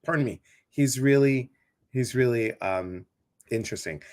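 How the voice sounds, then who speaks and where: A male host chatting casually with a guest. He rambles, full of fillers and false starts, and his voice sits at an ordinary middle pitch. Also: unhurried, darkish tone. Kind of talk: casual interview chat.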